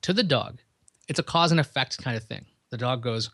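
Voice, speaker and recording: A man's voice: medium pitch, animated, brisk, bright, forceful tone, no echo, studio quality. A man hosting a podcast, talking casually to listeners and explaining ideas through everyday examples. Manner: conversational, chatty, explains with examples. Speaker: podcast host.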